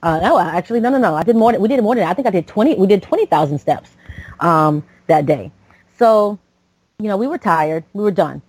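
A woman in her late thirties from Florida hosts a podcast, speaking fairly quickly and animatedly in a medium-pitched, darkish voice with a breathy edge. She rambles through a personal story full of fillers and restarts, recorded with no room sound and low quality.

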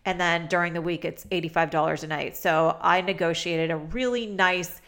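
A woman's voice: lowish voice, fairly even intonation, moderate pace, a bit bright. A woman hosting her own podcast, talking in a chatty, upbeat and promotional way. She has a head cold that makes her voice nasal. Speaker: podcast host. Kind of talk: casual solo podcast talk.

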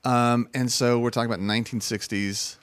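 A man co-hosting a casual conversation about classic films, telling stories with animated quoted asides. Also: mid-range voice, a little fast. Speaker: podcast co-host. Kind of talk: casual film discussion.

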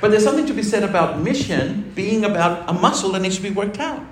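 Quick and animated, a high-voiced pastor keeps his sermon chatty and jokey, punctuated by laughter. Faint noise sits under the roomy church hall sound.

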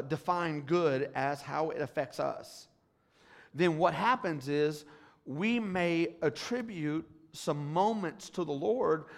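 This pastor's voice is a little high with vocal fry as he preaches and calls out to the congregation. His sermon swings between soft asides and loud, escalating appeals.

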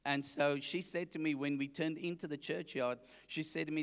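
A man's voice: on the high side, steady tone, moderate pace, hardly any pauses, big-room sound. A man with a South African accent, an evangelist preaching his testimony to a congregation, joking and asking the listeners questions.

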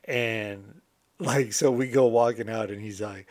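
A man's voice: on the low side, measured pace, dry recording. A middle-aged American man casually recounting his past, candid and streetwise, swearing freely as a motivational host. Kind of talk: casual storytelling monologue.

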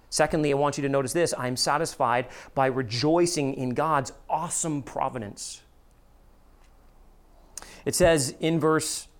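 A pastor delivers a sermon in a lively, expressive way. Quoted voices come out higher and animated, and the earnest appeals turn soft and low.

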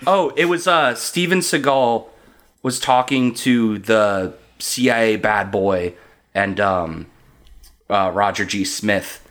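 A man's voice: lowish voice, takes it slowly, a bit bright. A man chatting casually as a podcast guest. He rambles, chuckles through his stories and often trails off mid-sentence.

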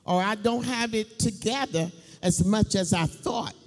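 A middle-aged woman giving a personal testimony in church, telling her story slowly and emphatically, laughing between lines. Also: medium pitch, a little mellow, soft background music. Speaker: church speaker. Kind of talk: sermon testimony. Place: church building. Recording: long hall reverb.

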